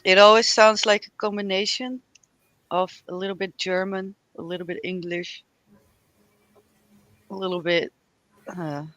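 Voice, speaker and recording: Chatty woman, slow and bright. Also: mid-range voice, fairly even intonation, no echo. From Spain. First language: Spanish. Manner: rambling, chatty, laughs often, trails off mid-sentence. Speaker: tarot reader, livestream co-host. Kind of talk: casual livestream chat.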